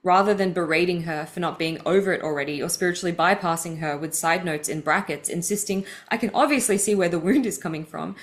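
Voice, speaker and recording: A woman with a somewhat low voice reads from her own writing, stopping to add personal asides. She sounds earnest and vulnerable, and grief keeps rising in her voice as she reads. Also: quick pace, few pauses. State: emotional, voice welling with grief. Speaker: podcast host.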